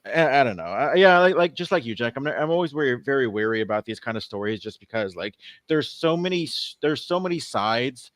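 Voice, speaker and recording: A man chatting on a podcast, his voice sitting at an ordinary middle pitch. The sound is dry and close with no room around it. He rambles and hesitates, restarting sentences and laughing as he works toward his point. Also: animated, brisk, hardly any pauses, fairly bright tone, no room sound. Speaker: podcast co-host. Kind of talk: casual podcast chat.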